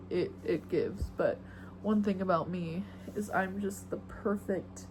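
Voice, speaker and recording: Alone in front of a phone camera, a young female podcast host with a mid-range voice rambles casually, using slang and poking fun at herself. Background noise is audible in the recording.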